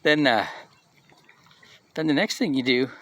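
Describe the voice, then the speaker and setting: Speaking at a measured pace with lively intonation, a middle-aged man uses a medium-pitched, sharp-toned voice. He's at a community live session giving a casual motivational talk, sharing personal stories in a loose, conversational way and repeatedly checking in with "right?".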